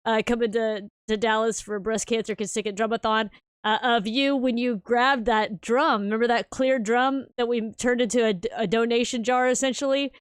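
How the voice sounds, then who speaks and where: A woman's voice: fairly high pitch, fairly even intonation, normal speed, clear, resonant tone, no echo. A woman hosting an interview, effusive and encouraging toward her guest. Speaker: host and founder.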